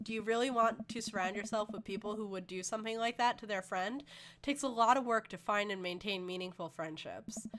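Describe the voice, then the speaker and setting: A woman voicing a middle-aged dad who gives soft, earnest advice. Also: medium pitch, background noise, lightly acted.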